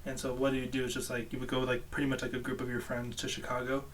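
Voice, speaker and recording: A man co-hosting a podcast, chatting casually and throwing in jokes and quick backchannel replies. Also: mid-range voice, monotone, recorded from a distance, a little hiss or hum, poor audio. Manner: joking interjections, frequent "mm-hmm". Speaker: podcast co-host. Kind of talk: casual chat.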